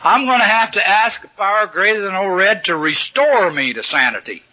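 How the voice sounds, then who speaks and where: A man's voice: high voice, animated, normal speed, background noise. An older man speaking at a recovery meeting, telling stories in a folksy, salty, humorous way from a podium. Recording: dull lo-fi old recording.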